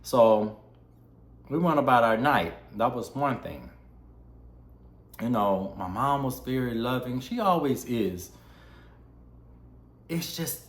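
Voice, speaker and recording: A young man vlogging a candid personal story, heartfelt and acting out the dialogue he quotes. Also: lowish voice. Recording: roomy echo.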